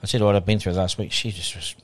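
A guest broadcaster with a New Zealand accent speaks in a fairly low voice, moving at a quick, rapid pace. In a relaxed podcast interview, he tells an animated story and acts out the quoted conversations he had with people.

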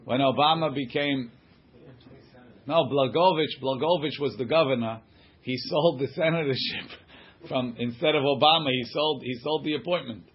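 A man's voice: mid-range voice, normal speed, breathy edge. A man teaching an informal text-study class, translating passages line by line in a conversational way. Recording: dull lo-fi recording.

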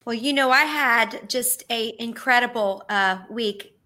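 Woman, middle-aged, co-host, earnest, emotional, bright tone. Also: on the high side, measured pace. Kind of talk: casual faith podcast chat.

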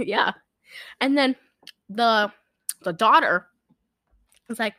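A woman's voice: on the high side, slow, long pauses, no echo. A young woman chatting casually, rambling through a film recap and acting out the characters' lines. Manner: rambling, animated retelling with acted-out quotes. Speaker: podcast co-host recapping a film. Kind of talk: casual chat.

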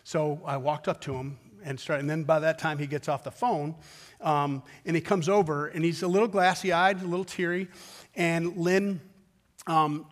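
A middle-aged male pastor with a notably high voice, preaching through a personal story. He talks in a relaxed, conversational way and drives his points home with rhythmic repetition. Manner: anecdotal and emphatic, with rhythmic repetition.

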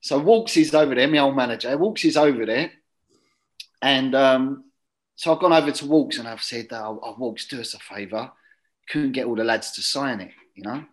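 A man's voice: medium pitch, moderate pace, rough recording. Chatty man telling a story. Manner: chatty, drops to a quiet mutter for asides. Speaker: guest, former footballer. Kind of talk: casual anecdote.

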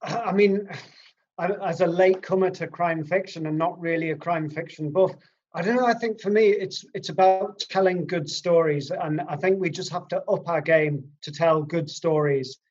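A man's voice: a little high, normal speed, a little mellow. A man, a crime writer, chatting on a podcast in a hesitant, rambling way. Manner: rambling, hesitant, full of fillers. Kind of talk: casual podcast chat. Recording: dull lo-fi sound.

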